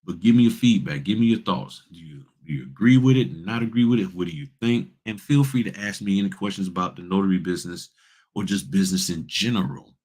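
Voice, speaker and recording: A man from Virginia hosting a casual livestream as a notary business coach, talking in an animated, slangy, preachy way and speaking straight to his chat. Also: deep voice, fast talker, breathy edge. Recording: livestream from home studio.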